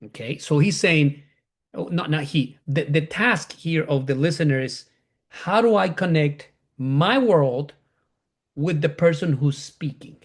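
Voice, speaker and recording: A man's voice: fairly high pitch, measured pace. A man teaching a Bible class, repeating key phrases, often restarting and correcting himself as he explains.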